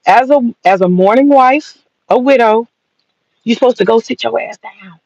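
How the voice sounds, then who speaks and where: A Southern American woman commentator with a fairly high, slightly mellow voice delivers a profane opinion rant at a moderate pace. She's blunt, mocking and sassy. The recording is dull, lo-fi and dry, with no echo.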